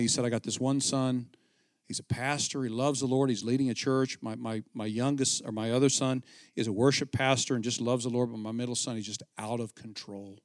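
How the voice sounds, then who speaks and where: A middle-aged man, a pastor, preaching a conversational sermon with animated storytelling and frequent restarts. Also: mid-range voice, no room sound, studio quality.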